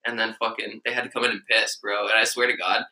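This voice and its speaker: A man's voice: lowish voice, level tone, fast talker, bright, forceful tone, low-quality recording. A young man telling crude stories in a casual podcast chat, swearing freely. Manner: crude, storytelling, laughing.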